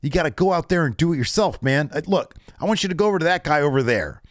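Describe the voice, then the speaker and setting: Animated man recapping wrestling. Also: a little high, quick pace, dry recording, clean studio sound. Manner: animated, acts out quotes in voices. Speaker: podcast co-host. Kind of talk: casual wrestling recap chat.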